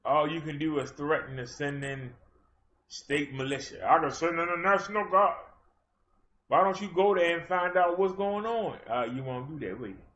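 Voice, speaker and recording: A man's voice: fairly high pitch, expressive, normal speed. Fiery confrontational man ranting on a livestream. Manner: fiery, confrontational, challenges his chat. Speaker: livestream host. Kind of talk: livestream rant. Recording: dull lo-fi stream audio.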